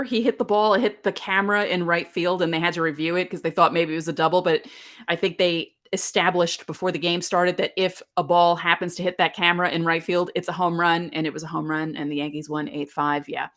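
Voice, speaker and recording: A woman in her thirties hosts a solo podcast in a casual, rambling way. Her voice sits a little low, and she tells her story with plenty of chatty asides. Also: fairly bright tone. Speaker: podcast host.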